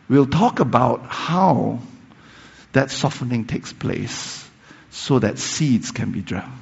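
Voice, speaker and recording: A man preaching a sermon, retelling a story with emphatic rises and soft, hushed passages. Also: medium pitch, creaky, husky. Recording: long reverb, dull lo-fi sound.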